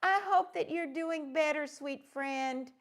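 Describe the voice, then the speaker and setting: Gushing woman with a gravelly, high voice. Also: slow pace. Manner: gushing, greets viewers by name; rambling with many fillers. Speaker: crafting livestream host. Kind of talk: casual live-stream chat.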